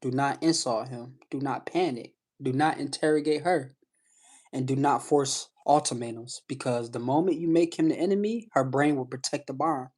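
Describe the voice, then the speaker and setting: A man's voice: medium pitch, normal speed, a little mellow. A man hosting a live stream, coaching callers with emphatic, repetitive advice and frequent "you know what I'm saying.". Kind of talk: casual coaching talk to callers.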